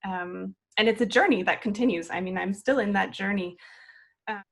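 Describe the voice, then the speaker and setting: A woman in her twenties talks about her path as a flute student in an unhurried, reflective interview conversation. Her voice is mid-pitched, and her manner is earnest and encouraging. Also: creaky, a bit bright.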